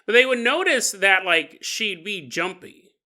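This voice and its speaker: A podcast host casually tells a paranormal story, adding joking asides and chuckling between lines. His voice is high-pitched, animated, and sharp in tone, at a measured pace.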